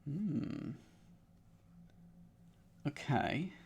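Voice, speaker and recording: Man musing lively over clues. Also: fairly high pitch, extremely slow, gravelly, husky. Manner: playful, muttering to himself while reasoning. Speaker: streamer solving crosswords. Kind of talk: live-stream puzzle solving, thinking aloud.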